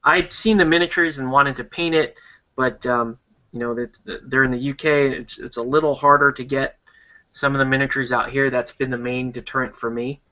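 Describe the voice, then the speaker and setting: A man in casual chat about games and conventions, hesitant with frequent pauses and ums. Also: medium pitch, fairly even intonation, bright, forceful tone. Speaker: podcast co-host. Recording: dull lo-fi sound.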